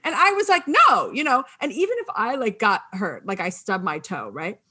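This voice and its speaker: A woman hosting a casual chat, animated and peppering her talk with "like.". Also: mid-range voice, brisk, husky. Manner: animated, many "like" fillers.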